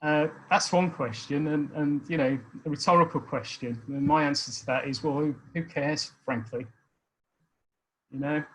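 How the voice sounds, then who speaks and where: Older brummie guy talking slow and careful, lots of ums, fairly high voice for a man. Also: fairly even intonation, slight background noise, rough recording. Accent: Birmingham. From Birmingham, England. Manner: thoughtful, hesitant, many fillers and restarts. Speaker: speaker sharing life experience. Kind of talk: reflective personal talk.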